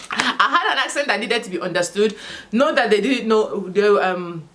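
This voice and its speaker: A woman from Africa giving casual school advice as a vlogger, telling stories with frequent bursts of laughter, outdoors in the sun. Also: fairly high pitch. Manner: animated storytelling with frequent laughter. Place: outdoors in sunlight.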